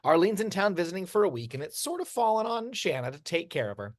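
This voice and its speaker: A man narrating screenplay action lines in an amateur audio drama, steady but with occasional stumbles and restarts. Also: sits high, fast, no room sound, clean studio sound.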